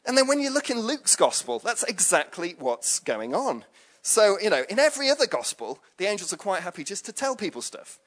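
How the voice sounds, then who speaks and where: Chatty man, higher voice. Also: big pitch swings, brisk, a bit bright. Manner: chatty, jokey, with frequent asides and fillers. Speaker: preacher. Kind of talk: conversational sermon.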